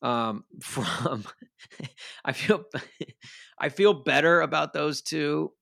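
A man's voice: on the high side, expressive, slow, creaky, fairly bright tone, no echo, studio quality. A man co-hosting a casual sports podcast, rambling and laughing as he talks. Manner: rambling, self-deprecating, laughs often. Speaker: podcast co-host.

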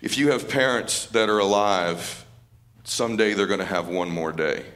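A man's voice: fairly low pitch, expressive, moderate pace, a bit bright. A man giving a live motivational speech at an event, fervent and repeating phrases for emphasis. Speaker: motivational speaker.

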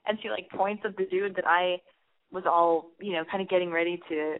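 A young woman hosting a call-in podcast, chatty and candid, telling stories in an animated way. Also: on the low side, moderate pace. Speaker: podcast host. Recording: narrow phone-like sound.

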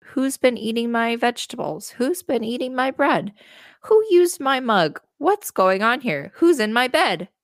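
A fussy, startled little dwarf, as a woman puts him on demands who has been in his house. The voice climbs noticeably higher and gets louder with each question. A gravelly edge stays underneath, with a close, dry sound. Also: sing-song, no echo, full character voice. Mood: indignant. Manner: indignant rapid questions. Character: little bearded male dwarves, alarmed and fussy.

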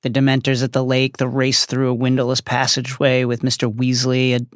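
A man's voice: mid-range voice, completely flat delivery, brisk, dry recording, studio quality. A man co-hosting a podcast, recapping a book as dramatic storytelling and acting out the quotes. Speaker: podcast co-host. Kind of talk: recapping and reading book passages.

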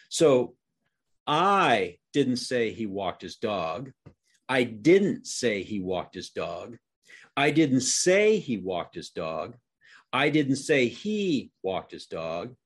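A man's voice: medium pitch, a little mellow, breathy edge. A middle-aged man coaching real estate agents on a podcast, emphatic and asking his listeners questions.

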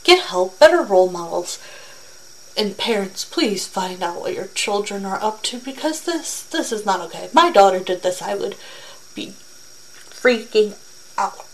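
A young woman in a casual vlog, moving between reading facts aloud and earnest personal comments. She talks haltingly, with fillers and restarts, at a mid pitch with faint noise behind her. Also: rough recording.

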